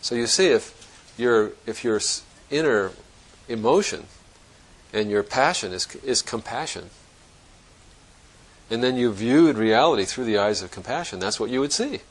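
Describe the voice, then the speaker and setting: A man's voice: mid-range voice, animated, measured pace, low-quality recording. A man giving a Zen dharma talk to students, thinking aloud in a reflective, conversational way and often restarting his sentences. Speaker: Zen teacher.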